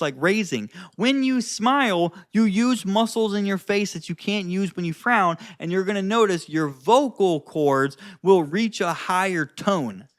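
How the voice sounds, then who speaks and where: A man coaching on social skills in a casual advice vlog, animated and profane, acting out different tones of voice. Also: high voice, no room sound, clean studio sound.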